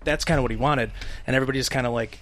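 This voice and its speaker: A man's voice: medium pitch, fairly even intonation, rapid-fire, fairly bright tone, slight background noise. A man co-hosting a casual podcast, rambling with many fillers and restarts. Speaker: podcast co-host. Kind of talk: casual chat.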